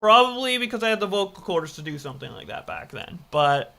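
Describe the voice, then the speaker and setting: A streamer reacting to an old video of their own stream, excitable, swearing and self-mocking. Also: mid-range voice, brisk, vocal fry. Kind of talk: casual reaction commentary.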